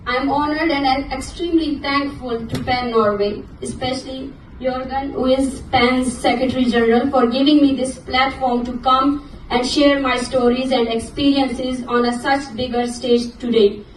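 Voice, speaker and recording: A young woman from Balochistan, Pakistan, giving an earnest speech as an activist at a forum, halting and restarting when she leaves her script. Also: high voice, little pitch movement, slight background noise. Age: young adult. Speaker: activist speaker. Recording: echoey hall, mic at a distance.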